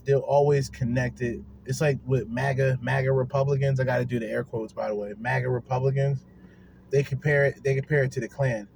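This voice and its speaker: A man's voice: mid-range voice, flat delivery, a little fast, gravelly, darkish tone, a little hiss or hum. A young man hosting a casual podcast chat, brash and joking, laughing often and mimicking other voices. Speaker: podcast host.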